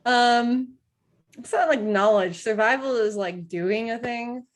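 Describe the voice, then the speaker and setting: Brief: woman game master, slow deliberate delivery, easy laughter. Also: fairly high pitch. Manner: unhurried, laughs often. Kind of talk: narrating a tabletop game.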